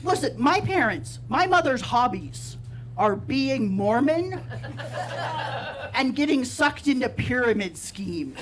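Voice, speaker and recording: A man doing a stand-up set, telling a self-deprecating story in a deadpan way at a live comedy show. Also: extremely high pitch, slow pace, background noise.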